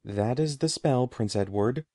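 A man voicing an old, sorrowful male wizard who speaks softly and gravely, halting with grief. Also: medium pitch, no room sound, clean studio sound, close to an everyday voice.

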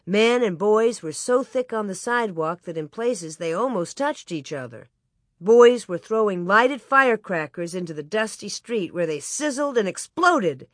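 An audiobook narrator reading a children's story aloud in an even, clear way. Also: mid-range voice, normal speed, dry recording, studio quality.

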